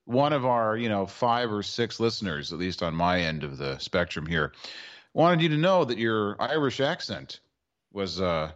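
A man's voice: on the low side, sing-song, moderate pace, a bit bright, highs cut off. A man from Maryland co-hosting a sports radio show in casual chat, with wry, sarcastic asides. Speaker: co-host.

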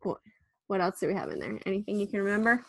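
A woman's voice: medium pitch, huge pitch swings, quick pace, creaky, a bit bright, husky, no room sound. Coaxing mother in her thirties. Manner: patient, coaxing, laughs easily. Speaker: podcast guest, mother. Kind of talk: casual podcast chat.

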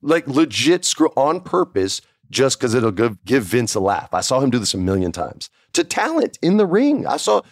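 A man's voice: mid-range voice, moderate pace, few pauses, no room sound, clean studio sound. A man from New Mexico telling a backstage story in casual chat, acting out the other people's voices. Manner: animated, acts out voices of others. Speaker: storyteller guest.

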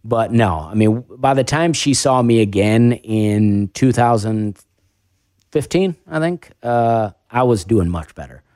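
A man's voice: lowish voice, expressive, unhurried, darkish tone, no room sound, studio quality. A man with a faint Southern accent, a stand-up comedian talking casually on a podcast, rambling and self-deprecating with lots of restarts. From American South.

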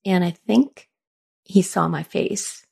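A middle-aged podcast host tells personal stories casually, chatty and reflective, acting out quoted lines in a raised voice. Her voice is on the low side, slow, creaky, a little mellow, and slightly rough.

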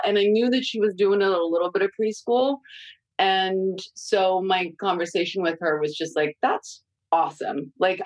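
A woman's voice: medium pitch, dry recording, rough recording. A middle-aged woman guest chatting casually and candidly about raising her young kids, swearing freely. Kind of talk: casual podcast chat.

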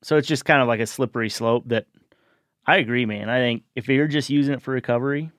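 A man's voice: mid-range voice, fast, fairly bright tone, dry recording, clean studio sound. A man on a podcast telling a story loosely and casually, with many fillers like "like" and "you know.". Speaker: podcast guest.

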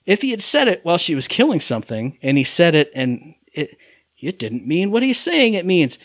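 Guy ranting on a podcast, voice jumps all over, slightly high, dry close mic. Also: moderate pace, no room sound. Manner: animated ranting, mimics characters' lines in exaggerated voices. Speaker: podcast co-host reviewing a game. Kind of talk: casual chat, ranting review.

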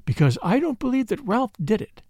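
Brief: man reading guarded young wife in trouble, lively pitch, dry close sound. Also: fairly quick, gravelly, no room sound, heavily acted. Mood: earnest. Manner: low, strained, earnest. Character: distressed young woman secretly married, guarded. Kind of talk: audiobook character reading.

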